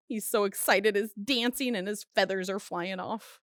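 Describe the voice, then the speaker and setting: A woman teacher reading aloud to young children, gentle and encouraging, speaking slowly and clearly. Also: mid-range voice, fairly even intonation, dry recording, studio quality. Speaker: elementary school teacher.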